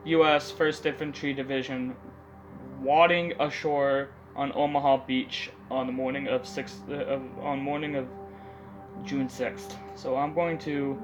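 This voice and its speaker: A man's voice: mid-range voice, flat delivery, a little slow, poor audio. A young man reading out historical facts in a casual commentary, stumbling over names and correcting himself with muttered asides. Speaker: video creator. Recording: music playing loud under the voice.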